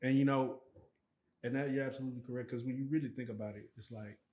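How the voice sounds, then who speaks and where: A man hosting a casual interview, asking relaxed, halting questions full of fillers. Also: medium pitch. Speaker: podcast host. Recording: roomy echo.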